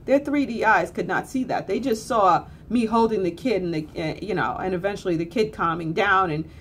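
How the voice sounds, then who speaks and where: A woman's voice: mid-range voice, a little fast, a little hiss or hum. Blunt, earthy woman telling a story. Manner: blunt, earthy, swears casually; animated, repeats phrases for emphasis. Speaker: spiritual teacher. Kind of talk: casual storytelling monologue.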